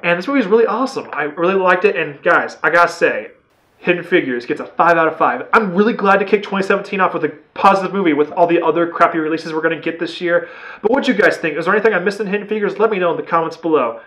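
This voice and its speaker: A young man talks through a movie review in a quick, slightly high voice. He rambles enthusiastically, tripping over restarts and filling every pause with "uh" and "like". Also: a bit bright, rough recording. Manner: rambling, filler-heavy, enthusiastic. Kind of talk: casual video review.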